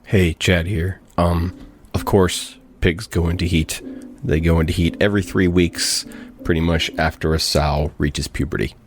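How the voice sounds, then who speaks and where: A man's voice: low voice, steady tone, unhurried. A man dropping into a podcast with a short, matter-of-fact aside. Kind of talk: inserted fun-fact aside.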